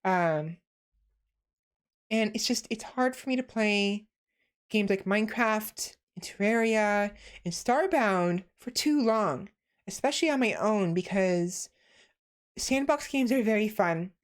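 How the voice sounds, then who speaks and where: A young woman streaming as a VTuber, a naturally fast talker consciously slowing down to enunciate, often sighing and laughing softly between phrases. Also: mid-range voice, expressive. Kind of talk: casual stream chat.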